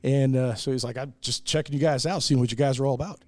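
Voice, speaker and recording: Here a middle-aged American brewery owner talks fast in a steady, darkish, medium-pitched voice, with a bit of hiss or hum on the track. During a casual podcast interview he tells stories earnestly, full of "uh"s, performing the lines of people he quotes.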